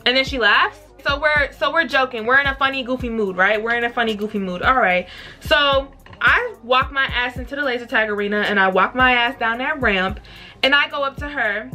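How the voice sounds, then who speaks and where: A young woman vlogger telling a story in a blunt, profane and animated way. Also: fairly high pitch, brisk, soft background music. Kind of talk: casual storytime.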